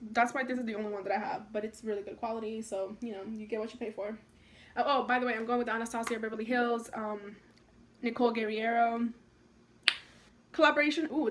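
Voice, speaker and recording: A young woman vlogging at home, chatting excitedly and rambling through a makeup tutorial with lots of likes and ums. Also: a little high, a little hiss or hum.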